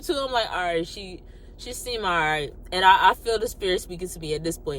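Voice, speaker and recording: A young adult woman casually telling a personal story, animated and colloquial, acting out what people said. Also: medium pitch, fairly quick, a little hiss or hum. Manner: animated, acts out quotes, colloquial. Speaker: vlogger.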